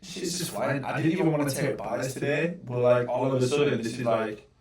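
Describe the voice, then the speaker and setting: A man's voice: medium pitch, fairly quick, a little mellow, recorded from a distance. A young man giving live trading commentary, swearing often and growing frustrated. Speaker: trading vlogger. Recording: roomy, off-mic echo.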